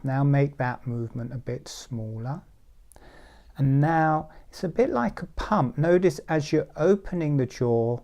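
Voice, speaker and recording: A man teaching a breathing meditation to a group, talking slowly and soothingly and sometimes dropping to a near-whisper. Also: medium pitch, mellow. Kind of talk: guided meditation instruction. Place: group session, others present.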